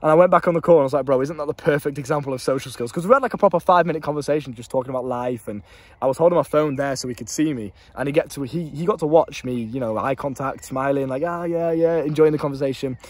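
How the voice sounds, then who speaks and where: A man's voice: mid-range voice, very fast. A young British man and life coach, talking casually to a handheld camera, swearing freely and rambling.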